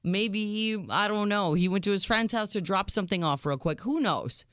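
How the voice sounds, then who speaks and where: A woman co-hosting a relationship advice radio show, giving direct, animated advice. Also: medium pitch, normal speed, no room sound, studio quality.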